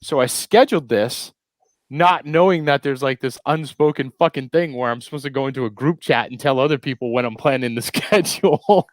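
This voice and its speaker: A man's voice: medium pitch, fairly quick, dry recording. A man from New England hosting a live stream over a headset, telling rambling, profane stories in casual chat. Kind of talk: casual chat with swearing and anecdotes.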